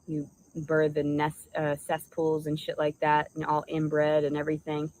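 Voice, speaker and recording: A woman's voice: sits low, flat delivery, slow, darkish tone, rough recording. A woman delivering an angry, profanity-laden vlog rant, insulting and rambling. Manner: furious, insulting, stream-of-consciousness. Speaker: vlogger.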